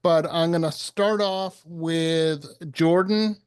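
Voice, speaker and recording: Man moderating a panel on a video call, highish smooth voice, slow and easy. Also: fairly even intonation, darkish tone.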